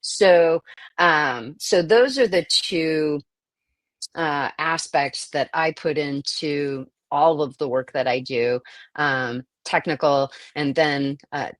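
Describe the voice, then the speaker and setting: A woman's voice: low voice, takes it slowly, dry recording. A woman voiceover performer and actor talking through her craft in an interview, thoughtful and full of fillers and restarts. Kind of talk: interview conversation.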